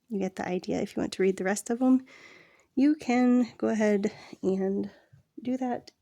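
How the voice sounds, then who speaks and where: A woman reading a language textbook aloud as a read-along lesson, slow and deliberate, with casual asides to the listener. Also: mid-range voice, lively intonation, dark tone, dry recording, studio quality.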